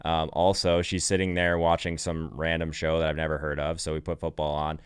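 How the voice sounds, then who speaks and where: A man's voice: rumbling low, monotone, a little fast, clean tone, no room sound, clean studio sound. A man co-hosting a casual podcast chat, telling stories with exasperated, joking complaints. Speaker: co-host.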